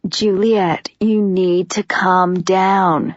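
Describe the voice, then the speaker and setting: A cold young male commander speaking in a low, lowered register, put on by a woman narrator. He snaps out clipped orders with no warmth. The recording sounds dull and dry, with no room around the voice. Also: slow, gravelly, no room sound. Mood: commanding. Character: stern commanding young male soldier leader.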